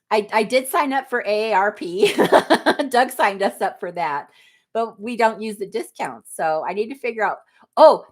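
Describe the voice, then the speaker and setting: A woman's voice: a little high, fairly bright tone. A woman, hosting a casual livestream, chatting and reading viewer comments aloud with frequent laughter. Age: 50s. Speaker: livestream host.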